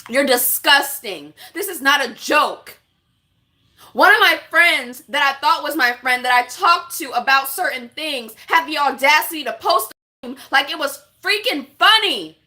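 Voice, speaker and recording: A woman with a high voice and a bright, forceful tone delivers a vlog rant to her viewers. She talks bluntly and with passion and swears freely. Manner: impassioned, blunt, profane. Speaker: vlogger. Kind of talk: casual vlog rant to camera.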